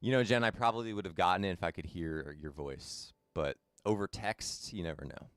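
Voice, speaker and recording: A young man with a low, deep voice chats easily with his viewers while he streams a game. He is laid-back and talkative, calling people in the chat by name. The sound is dry and close, with no room echo. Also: brisk, smooth. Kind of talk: casual live-stream chat.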